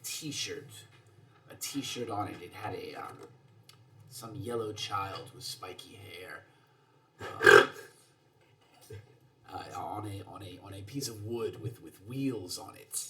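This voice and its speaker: A man's voice: low-pitched, takes it slowly, long pauses, bright, forceful tone. A man playing a tabletop game who tells a story in character in a rambling, hesitant way. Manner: rambling and hesitant, full of restarts. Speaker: player.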